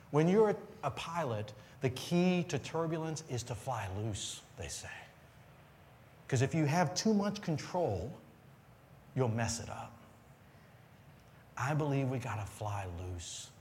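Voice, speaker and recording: A male pastor delivers a sermon to his congregation, telling stories with a lot of movement in his voice. He swings from loud, excited bursts down to quiet, earnest moments, with a faint hiss of room noise underneath. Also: medium pitch, measured pace, long pauses. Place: church sanctuary with live congregation.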